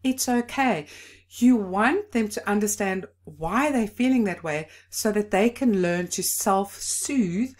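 A woman's voice: medium pitch, slow, hardly any pauses, darkish tone. A middle-aged woman, an emotional intelligence educator, explaining parenting styles in a conversational way with fillers and restarts. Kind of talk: teaching talk to camera.

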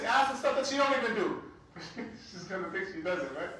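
A man's voice: extremely high pitch, moderate pace, pushed and bright, slight background noise. A man teaching a religious class as an imam, talking conversationally and often checking in with his listeners. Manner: conversational, keeps checking in with "right?". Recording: very echoey room, mic far off.

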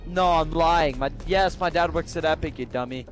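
A man's voice: on the high side, normal speed, soft background music. A man in casual game voice chat, whiny and demanding, repeating himself over and over through a headset.

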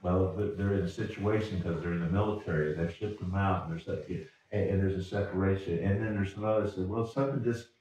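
A man's voice: deep voice, fairly even intonation, fast talker, a little mellow, distant mic. A man preaching as a pastor in a folksy, repetitive way, often restarting words. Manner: folksy, repeats words, chuckles. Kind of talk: sermon. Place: church sanctuary. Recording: roomy church sound from off-mic.

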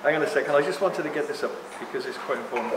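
A man giving a rambling, joking live talk to an audience, speaking loudly without a microphone. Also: on the high side, racing. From Greek heritage. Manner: jokey, rambling, loud. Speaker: guest speaker. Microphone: no microphone, room recording. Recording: echoey room with background noise.

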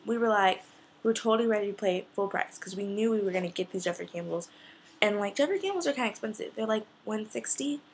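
A teenage girl chatting excitedly in a casual storytelling vlog, gushing and filling her sentences with "like". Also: medium pitch, fast, breathy edge. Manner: excited and gushing, filler-heavy. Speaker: fashion vlogger.

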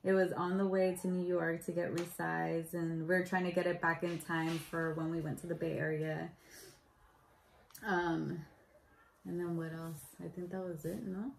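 A woman's voice: on the low side, normal speed, vocal fry, a little hiss or hum, low-quality recording. A young woman telling her proposal story in a casual vlog, chatty and full of "like" fillers. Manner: chatty, lots of "like" fillers, animated retelling.

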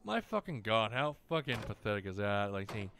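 A man's voice: fairly low pitch, normal speed, sharp tone, slight background noise. A man ranting casually and profanely about family while playing a game. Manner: rambling, profane, venting. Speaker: gaming streamer. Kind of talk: casual chat over gameplay.

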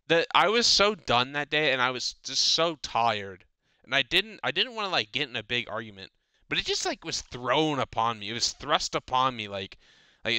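A man's voice: medium pitch, bright, forceful tone, smooth, dry recording. A teenage boy hosting a casual podcast, telling a long, profane, rambling rant about school. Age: teens. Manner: rambling, profane ranting storytelling. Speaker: podcast host. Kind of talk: casual chat.

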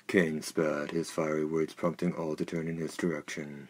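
A man narrating an audiobook in a steady, measured reading. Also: a bass voice, slight background noise. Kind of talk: scripted narration.

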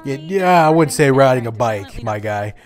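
A man playing a wrestling video game and commenting over it, loud, slangy and full of trash talk. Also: medium pitch, animated, normal speed. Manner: loud trash-talking, hyped, slangy banter. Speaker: gaming YouTuber.

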